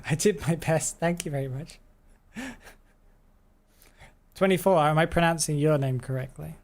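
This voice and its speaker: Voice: mid-range voice, measured pace, long pauses. A game streamer chatting on a live stream, thinking aloud, answering chat and laughing often. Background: background stream music.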